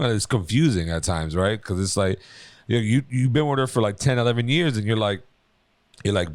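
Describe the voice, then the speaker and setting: A man's voice: on the low side, a little fast, no echo. A man co-hosting a podcast in casual chat, telling stories and acting out quoted lines. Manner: animated storyteller, acts out quotes. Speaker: podcast co-host.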